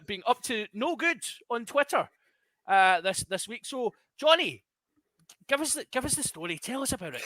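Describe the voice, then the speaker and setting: A man hosting a casual sports podcast, often halting and repeating words as he looks for the next one. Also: high voice, sharp tone, no room sound. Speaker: podcast host.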